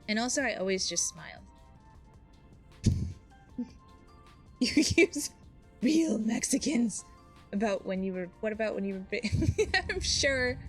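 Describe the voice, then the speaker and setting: A woman in her thirties, a mom and live streamer, chatting casually and bubbly while she plays a video game, with lots of fillers and laughs. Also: fairly high pitch. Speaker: Twitch streamer. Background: game music.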